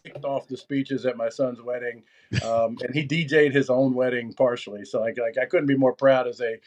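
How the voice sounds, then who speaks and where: A man's voice: medium pitch, fairly even intonation, moderate pace, a little mellow. A middle-aged American man, a podcast guest, talking casually and rambling with many restarts and fillers. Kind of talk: casual chat.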